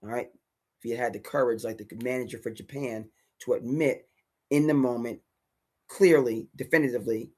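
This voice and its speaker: A man hosting a solo sports talk livestream, ranting emphatically with sudden loud bursts. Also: mid-range voice, fairly even intonation, normal speed. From New England. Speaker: sports commentary host.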